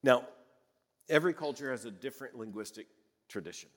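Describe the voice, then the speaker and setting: Folksy older preacher in a reverberant hall. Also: male voice, medium pitch, lively intonation, a little fast. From American South. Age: 60s. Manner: conversational, folksy, with restarts and chuckles. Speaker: pastor. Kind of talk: sermon.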